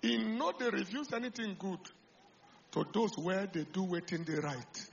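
A Nigerian man delivers a sermon as pastor, his high voice rough with gravel. He rises into loud, fervent declarations, then drops to quiet, confiding remarks. The recording sounds a little muffled, with faint noise underneath. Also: unhurried. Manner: swings from loud preaching to quiet talk, slips into Pidgin.

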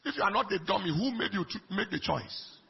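A man preaching a sermon in an emphatic way, swinging between soft lines and shouted ones. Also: high-pitched, animated, fairly quick. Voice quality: raspy, gravelly. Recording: dull lo-fi recording.

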